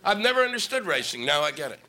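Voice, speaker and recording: A man's voice: a little high, big pitch swings, quick pace, background noise. A male stand-up comic doing a profane, ranting set on stage into a microphone. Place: comedy stage with audience laughing.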